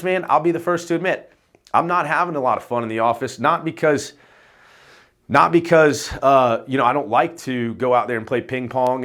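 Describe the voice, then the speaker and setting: A man's voice: medium pitch, a bit bright. Man, agency owner, off-the-cuff vlog delivery, loose and rambling, casual swearing. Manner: loose, rambling, tags "right?" often. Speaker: insurance agency owner coaching agents.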